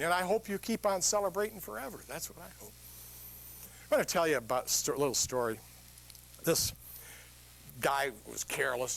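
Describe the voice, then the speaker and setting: Animated older man telling stories to a crowd. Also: on the high side. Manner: animated storytelling, quizzes the audience with questions. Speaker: motivational speaker. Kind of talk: humorous motivational keynote.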